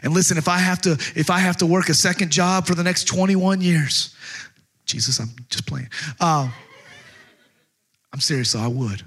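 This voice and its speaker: A man's voice: sits high, normal speed, fairly bright tone. A middle-aged man preaching as a pastor, passionate and conversational, often restarting his phrases. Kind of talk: sermon.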